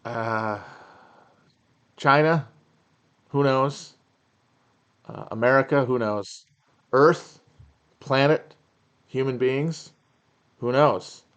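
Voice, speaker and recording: A man's voice: mid-range voice, extremely slow, long pauses, a bit bright, clean tone. A man in his thirties hosting a casual livestream Q&A, talking in a rambling, wry way with fillers and sighs. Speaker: podcast host on a live stream. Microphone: home streaming mic.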